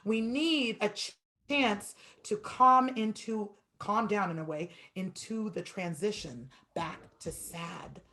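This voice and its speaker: A woman piano teacher giving a masterclass, talking fast and stretching words for emphasis. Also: mid-range voice, bright, forceful tone.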